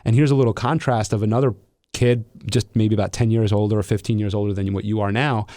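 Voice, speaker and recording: A man's voice: fairly low pitch, fairly even intonation, fast talker, dark tone, no echo, studio quality. A middle-aged man hosting a podcast, talking reflectively with many restarts and fillers. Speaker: podcast host. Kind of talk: casual interview conversation.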